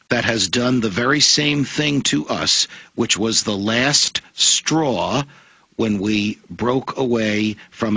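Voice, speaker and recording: A man's voice: on the low side, gravelly, sharp tone, husky, no room sound, rough recording. A man, a former judge, speaking as a guest on a radio interview in an oratorical, emphatic way that builds points into long lists. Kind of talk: impassioned radio interview monologue.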